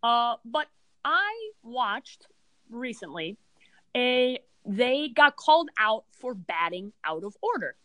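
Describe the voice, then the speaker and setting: A woman's voice: on the high side, big pitch swings, slow pace, fairly bright tone, dry recording, poor audio. A woman co-hosting a casual sports podcast, ranting in an emphatic, exasperated way. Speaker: podcast co-host.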